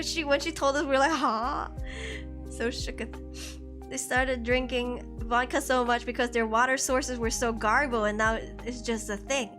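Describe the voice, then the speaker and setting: A young woman streamer in her twenties chatting casually into a headset, slangy, laughing often. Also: sits high. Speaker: VTuber streamer. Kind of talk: casual chat.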